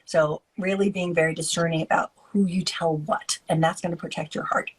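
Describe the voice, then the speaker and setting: A woman speaking as a guest expert in a podcast interview, explaining in an animated way and acting out the voices of other people. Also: lowish voice, moderate pace, a little hiss or hum, rough recording. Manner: animated, acts out quoted voices. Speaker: guest expert on narcissistic abuse, author.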